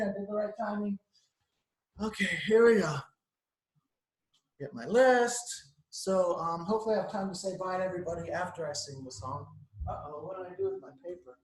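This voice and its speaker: A male teacher reads a picture book aloud to young children, stopping often to explain words in simple, chatty asides. His voice sits a touch high, and it carries a roomy echo from the room at home. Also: lively intonation, normal speed, a little hiss or hum. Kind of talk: storybook read-aloud to children.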